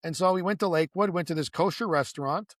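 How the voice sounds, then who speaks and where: A man's voice: high voice, fast talker, no echo, clean studio sound. A man, the guest in a casual conversation, telling long stories with many restarts and asides, acting out the voices of people he quotes. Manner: animated storyteller who acts out quoted dialogue.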